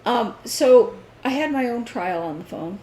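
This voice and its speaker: A woman co-hosting a casual chat, answering in slow, measured remarks. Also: a little high, animated, dark tone. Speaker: podcast co-host. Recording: echoey room with faint noise.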